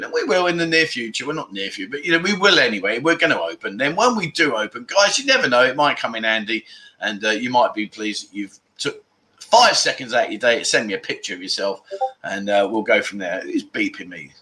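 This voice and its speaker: A man's voice: medium pitch, sharp tone. A middle-aged man hosting a casual livestream, rambling and chatty, reading out viewer comments and swearing now and then. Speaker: livestream host.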